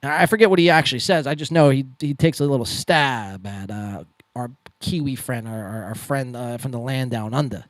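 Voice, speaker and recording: A man's voice: medium pitch, fairly quick, no room sound. A man hosting a podcast, giving casual, profane and sarcastic commentary on clips, often stumbling and restarting his sentences. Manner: sarcastic, mocking, lively delivery. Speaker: podcast host reacting to clips.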